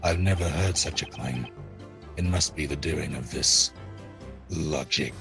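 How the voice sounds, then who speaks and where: Brief: a man reading a stern old prosecutor, very deep and gravelly, stiff and formal. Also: unhurried, music in the background, exaggerated voice. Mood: disdainful. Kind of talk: fan voice acting over a game.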